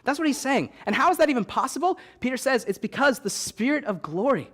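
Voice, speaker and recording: A young man preaching a sermon as young adults pastor, animated and repeating key phrases for emphasis, with light joking asides. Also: very high voice, fast talker. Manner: joking asides, stops to soothe a baby.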